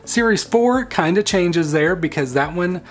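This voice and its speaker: A man's voice: sits high, animated, measured pace. A man talking casually in a vlog-style tech review, chatty and enthusiastic, prone to playful tangents.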